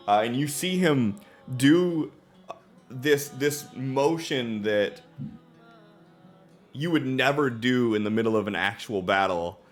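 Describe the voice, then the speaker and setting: A man narrates a tabletop game as game master, storytelling in a relaxed style with many ums and uhs. His voice sits somewhat low, and he takes his time. Faint guitar music plays under the narration. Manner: laid-back, filler-heavy storytelling.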